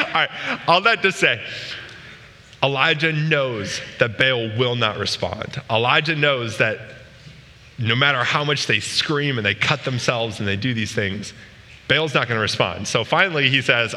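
A man's voice: medium pitch, normal speed, sharp tone, in a large hall. A man giving a casual, joking sermon to a youth group. He often asks the room questions. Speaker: youth pastor. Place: large room with a live audience.

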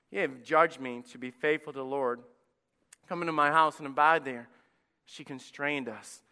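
A male pastor preaching a passionate sermon, swinging from quiet to loud. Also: fairly high pitch, clear, resonant tone. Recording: echoey church hall.

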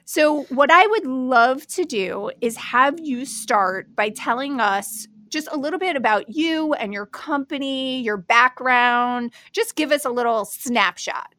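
A woman's voice: sits high, expressive, measured pace, hardly any pauses, pushed and bright. A woman co-hosting a podcast, effusive and enthusiastic as she welcomes a guest. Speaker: podcast co-host. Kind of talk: conversational interview.

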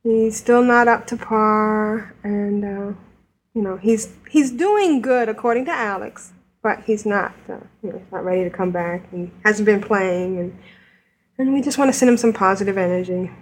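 A woman hosting a casual podcast chat, chatty and quick to laugh. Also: medium pitch, a little hiss or hum. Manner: giggly, chatty. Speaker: podcast host.

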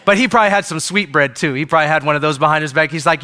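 A pastor preaching to his church in a high voice. He keeps it loose and joking and keeps checking in with the congregation. His tone is bright and ringing. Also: very fast. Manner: conversational, joking, asks the congregation questions. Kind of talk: sermon. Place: church service.

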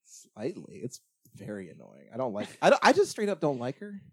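A man's voice: mid-range voice, wildly swooping pitch, fairly quick, a bit bright, husky, dry recording, studio quality. A man hosting a casual movie podcast, rambling and joking with frequent laughs. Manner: rambling, jokey, laughs often.

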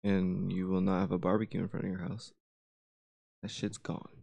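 Gravelly low-voiced joking young man. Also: flat delivery, normal speed, mellow, muffled recording. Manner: joking teasing asides. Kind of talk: casual chat.

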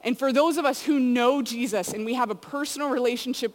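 A youth speaker gives a casual sermon to students, telling stories in a chatty style full of "like" and "you know." Her voice is high-pitched and fairly quick, with hardly any pauses, and the recording carries a long hall reverb.

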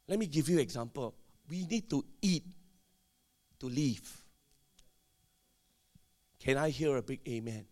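A male pastor, preaching a sermon emphatically with sudden shouted bursts and call-and-response to the congregation. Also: on the high side, expressive, takes it slowly, long pauses.

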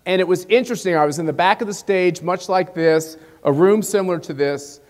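A man's voice: brisk, darkish tone. A man giving a rousing, folksy speech to a conference audience. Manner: rousing, folksy, drops low on closing phrases. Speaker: conference speaker. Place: large convention hall. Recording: long hall reverb.

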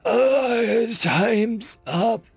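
A man voicing a frail, dying male alien diplomat who speaks weakly through pain in halting, pleading phrases. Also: a little high, animated, creaky, no echo, faint music behind, voice pushed up. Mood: pained farewell. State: weak and pained, coughing.

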